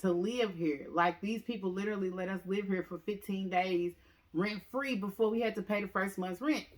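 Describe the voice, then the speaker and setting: A woman casually telling a story to viewers, often calling them "y'all" and acting out what people said with big jumps in her voice. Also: moderate pace. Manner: animated, acts out quotes with big pitch jumps; talks straight to viewers, says "y'all" often.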